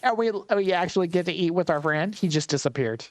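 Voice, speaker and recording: Male gameplay commentator, wry and chatty, thinks aloud, slightly high voice. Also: brisk, dry recording.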